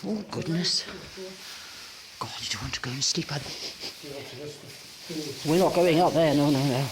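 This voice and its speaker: A woman vlogging casually while walking around a rural old house, chatty and excitable, gasping and exclaiming often. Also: low voice, a little slow, noisy background. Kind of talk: casual walking vlog chat. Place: outdoors at a rural old house, partly inside.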